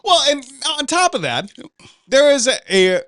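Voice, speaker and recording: A man's voice: very high-pitched, unhurried, no echo, clean studio sound. A man hosting a podcast, swearing freely as he tells stories in casual banter. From Pacific Northwest. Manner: profane, animated storytelling. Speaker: podcast host.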